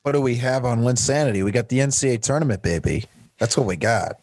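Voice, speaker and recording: A man's voice: medium pitch, fast talker, darkish tone, no echo. A man on a podcast with upbeat hype energy who stammers now and then. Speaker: podcast guest. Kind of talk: casual podcast chat.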